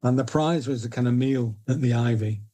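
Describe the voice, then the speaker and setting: A middle-aged man with a Northern English accent, chatting as a guest on a podcast. He tells long, self-mocking anecdotes in a warm, mellow voice. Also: medium pitch, brisk. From Northern England. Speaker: guest, indie publisher. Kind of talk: casual storytelling interview.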